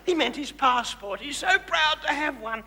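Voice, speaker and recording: A male stage comedian with an Australian accent speaks very high-pitched, animated and at moderate pace, playing a vain, glamorous female megastar who was once a housewife. Before an audience on a large theatre stage, his live comedy monologue is camp, teasing and gushing, addressing them as darlings. The VHS broadcast has a reverberant hall sound and audience noise.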